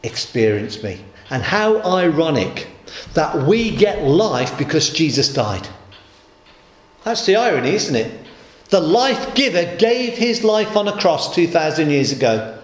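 A man's voice: fairly high pitch, big pitch swings, a little slow. A man preaching a sermon in an emphatic storytelling manner, acting out the voices of the people he quotes. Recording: echoey room.

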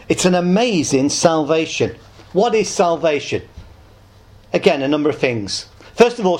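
Earnest and pleading, a man delivers an evangelistic sermon, pushing his voice up on key words before letting it sink low and quiet at the close of each phrase.

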